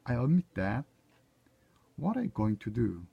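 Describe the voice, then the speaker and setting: A man's voice: medium pitch, sing-song, normal speed, creaky, breathy edge, dull audio. A man whose first language is Korean, reading short everyday English dialogue lines aloud one by one to proofread them, sometimes correcting himself. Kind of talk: reading practice phrases aloud.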